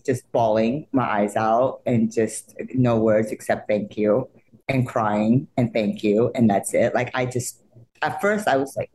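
A woman, not a native English speaker, telling stories as an interview guest, emotional and laughing often, acting out quotes in high excited voices. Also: a little slow. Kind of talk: animated storytelling in an interview.

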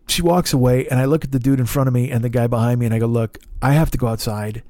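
A man's voice: mid-range voice, darkish tone, no echo. A man hosting a podcast, telling a frustrating story in a casual monologue, swearing often and acting out both sides of the conversation. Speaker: podcast host.

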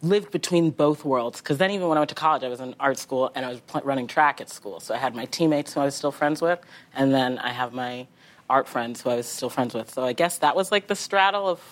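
A woman talk show guest chatting casually, telling a long rambling story with animated asides and laughs. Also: extremely low pitch, fairly quick. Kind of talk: casual chat.

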